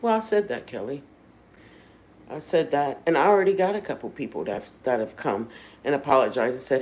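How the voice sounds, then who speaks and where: A woman's voice: a bass voice, animated, fairly quick, darkish tone, poor audio. A woman hosting a livestream, talking candidly and emotionally straight to her viewers in a casual way. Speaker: livestream host.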